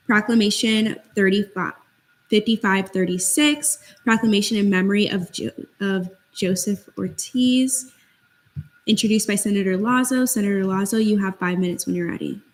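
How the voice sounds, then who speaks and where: A young woman chairing a student senate meeting, reading votes and calling speakers in a brisk procedural way. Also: mid-range voice.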